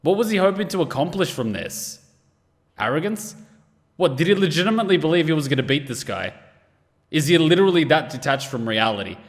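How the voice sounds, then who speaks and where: A man hosting a casual anime reaction, exasperated and quick to swear. His pitch swings widely as he fires off rhetorical questions, and his voice rings with a long reverb. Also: very animated.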